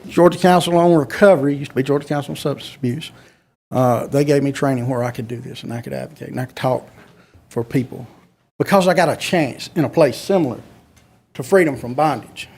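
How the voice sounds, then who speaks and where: A man speaking as a recovery advocate at a public meeting, halting with many fillers, direct. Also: mid-range voice, darkish tone, slightly rough.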